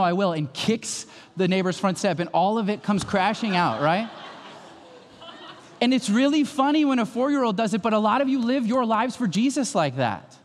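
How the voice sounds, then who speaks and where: A male pastor in his thirties preaching a sermon, with lively storytelling that swings from calm to loud. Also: a little high. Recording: long hall reverb.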